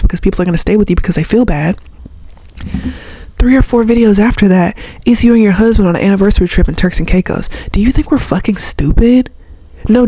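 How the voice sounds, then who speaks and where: A young woman with a Southern accent rants straight to camera, blunt and sarcastic, with a mild swear word here and there. Her voice is husky and warm in tone. The recording is close and dry. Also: medium pitch, no room sound. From Southern United States. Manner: blunt and sarcastic, swears freely, mimics others in mocking voices. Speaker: vlogger. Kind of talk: casual ranting commentary to camera.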